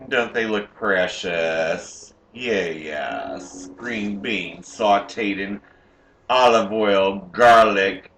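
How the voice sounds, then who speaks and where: A man's voice: on the low side, a bit bright, echoey room, a little hiss or hum. A man playing a sassy, campy woman home cook who hosts a comic cooking show from a home kitchen and teases the audience as she goes. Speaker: cooking show host character.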